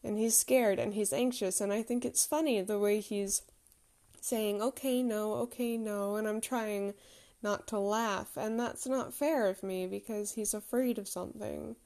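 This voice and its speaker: A woman's voice: medium pitch, fairly even intonation, unhurried, gravelly, warm tone. A woman in her thirties telling a candid, reflective personal story with self-deprecating humour.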